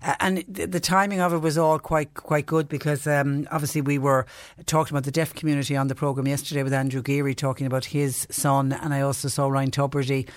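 A woman's voice: extremely low pitch, little pitch movement, quick pace, no echo, studio quality. A woman hosting a radio show, chatting in a friendly way with her guest. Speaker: radio host. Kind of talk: casual radio chat.

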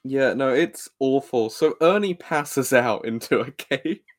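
A man's voice: mid-range voice, lively intonation, a little slow. A young man co-hosting a casual comedy podcast, laughing and swearing as he retells a show's scenes. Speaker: podcast co-host. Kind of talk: casual chat recapping a show.

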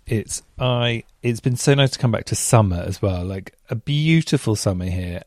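Male podcast host, lowish mellow voice, chatty storyteller given to self-mocking rhetorical questions. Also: no echo, clean studio sound.

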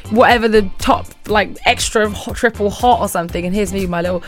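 A woman chats as an interview guest, answering questions in a bubbly way, laughing often and acting out little voices in her stories. Her medium-pitched voice moves quickly, with faint music behind.

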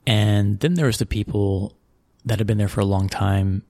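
Casual american guy from texas, low gravelly voice, rambles and chuckles, dry close mic. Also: fairly even intonation, normal speed, darkish tone, no echo. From Texas, USA. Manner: rambling, many restarts, chuckles often. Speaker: interview guest, football club executive. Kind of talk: casual interview storytelling.

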